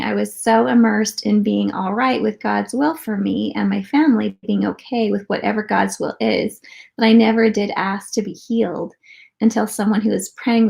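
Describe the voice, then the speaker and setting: Gravelly-voiced woman co-host. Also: medium pitch, darkish tone. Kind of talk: casual faith talk, reading a comment.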